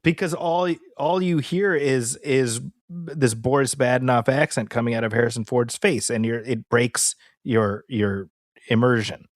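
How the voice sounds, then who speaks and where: A man co-hosting a movie podcast in casual chat, animated and fond of quoting people in put-on voices. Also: mid-range voice, unhurried, no room sound, studio quality. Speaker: podcast co-host.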